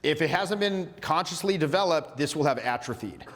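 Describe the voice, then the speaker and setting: Animated man teaching in a reverberant room. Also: moderate pace. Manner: animated, acts out quotes in silly high voices. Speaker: social skills coach. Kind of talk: casual teaching talk.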